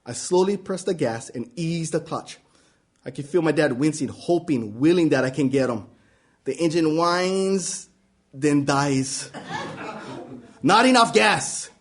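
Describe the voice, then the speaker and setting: A man reads a story aloud. His voice sits high for a man, and his delivery is wry and easygoing. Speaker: reader. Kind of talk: spoken-word story reading.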